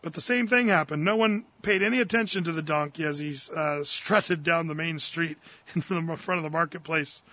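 A man preaching with a high, bright voice, earnest and folksy, full of casual asides. The sound is dry and a little muffled. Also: normal speed. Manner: folksy and earnest, with fillers and slang. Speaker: pastor. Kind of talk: verse-by-verse sermon.

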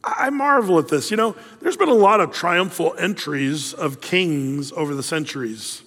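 A male pastor teaching a Bible passage in a chatty, digressive sermon full of asides and rhetorical questions, clearing his throat often. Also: fairly high pitch, lively intonation, moderate pace, a bit bright. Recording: long echoey hall reverb.

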